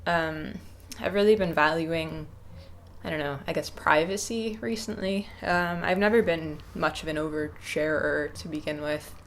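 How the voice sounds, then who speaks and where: A young woman in her twenties talking to camera off the cuff, hesitant and reflective, with many pauses and restarts. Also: low voice. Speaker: YouTuber. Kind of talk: casual unscripted talk to camera.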